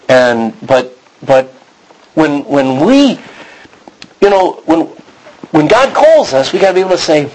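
A man's voice: fairly high pitch, husky, rough recording. A man preaching a sermon, telling a personal story in a rambling way, often restarting and acting out what he said. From Texas. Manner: rambling storytelling, frequent restarts and self-quotes.

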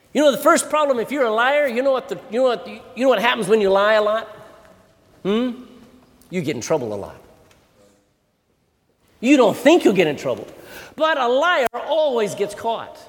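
Preacher: male, high and very lively voice, quizzes the kids, long hall reverb. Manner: animated, asks the audience questions. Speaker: preacher teaching children. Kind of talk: sermon.

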